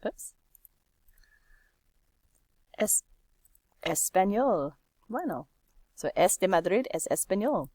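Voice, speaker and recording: A woman's voice: medium pitch, very animated, takes it slowly, long pauses, mellow, no room sound, studio quality. A woman, a teacher walking learners through a language exercise and stretching out words as she explains. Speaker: Spanish teacher. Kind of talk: screen-recorded lesson walkthrough.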